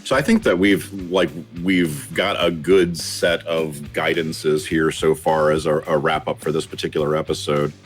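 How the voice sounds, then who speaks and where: A man hosting a podcast, summing up the discussion in a measured, casual way. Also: very deep voice, faint music behind. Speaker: podcast host.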